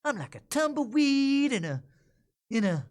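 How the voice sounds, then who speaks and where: A man's voice: very high-pitched, sing-song, unhurried, voice pushed up, heavily acted. A man voicing a sneaky, cocky outlaw bandit with a nasal voice. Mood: cocky, taunting. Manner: cocky and taunting.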